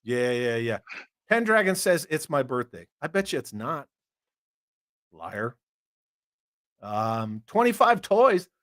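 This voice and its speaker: A man's voice: mid-range voice, big pitch swings, slow, long pauses, fairly bright tone, no room sound, studio quality. A man hosting a toy collecting live stream, chatting casually, joking and swearing while he reads comments. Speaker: army veteran.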